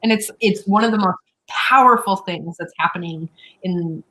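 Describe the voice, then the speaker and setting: A woman's voice: fairly low pitch, normal speed, pushed and bright, low-quality recording. A woman hosting an interview show, talking in a chatty way with lots of fillers and personal stories. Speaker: show host. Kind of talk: interview conversation.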